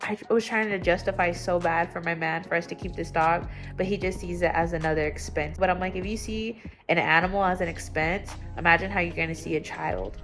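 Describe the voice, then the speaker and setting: A young woman talking at home in a casual confessional vlog, candid and rambling, her voice jumping up when she gets excited. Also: a little fast, soft background music. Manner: candid and rambling, with sudden excited jumps in pitch. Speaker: vlogger. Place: at home, indoors.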